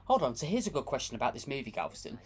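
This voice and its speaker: A woman's voice: extremely low pitch, very animated, rapid-fire, heavy background noise. A woman from the United Kingdom co-hosting a film review with sarcastic, mocking commentary. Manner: dry, mocking asides, frequent laughs.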